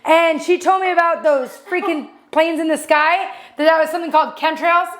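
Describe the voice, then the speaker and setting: A woman co-hosting a podcast, telling a story in animated casual chat with quick asides. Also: very high voice. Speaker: podcast co-host.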